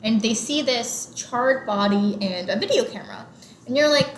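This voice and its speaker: A woman's voice: a little high, lively intonation, normal speed. A young woman co-hosting a podcast, chatting casually about a movie and retelling scenes with lots of "like". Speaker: podcast co-host. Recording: roomy with faint background noise.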